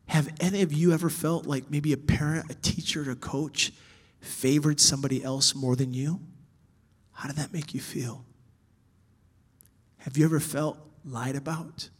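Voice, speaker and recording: A man teaching church workers about children's ministry, animated, swinging from loud emphasis to soft whispers. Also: on the high side, moderate pace, long pauses.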